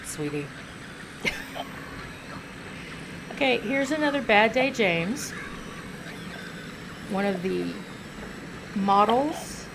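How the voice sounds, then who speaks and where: Speaking slowly and pausing often, this fairly high-pitched, expressive American woman chats through her gameplay, talking to the game's hero like it's her pet. It's casual game commentary from the United States, with background noise audible.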